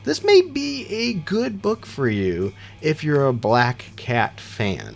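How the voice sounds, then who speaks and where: A middle-aged man talks through his weekly comic picks in a rambling, opinionated way, his gravelly voice rising and falling a lot. Faint music plays behind him. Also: fairly high pitch, very animated, moderate pace, few pauses. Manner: opinionated, rambling, self-deprecating asides. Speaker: comic book reviewer. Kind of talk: casual comic review monologue.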